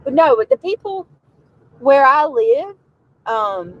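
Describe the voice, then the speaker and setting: A woman's voice: high voice, sing-song, slow, muffled recording. Rambling Southern woman streaming from a car. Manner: rambling, easily distracted, chatting to viewers. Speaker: livestreamer. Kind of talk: casual livestream chat. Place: riding in a car.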